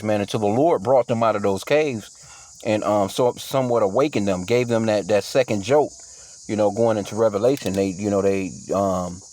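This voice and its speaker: A man's voice: on the low side, darkish tone. A man teaching from scripture in a casual, slangy way, reading verses aloud and then riffing loosely on them. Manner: profane, with frequent fillers and restarts. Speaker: bible teacher.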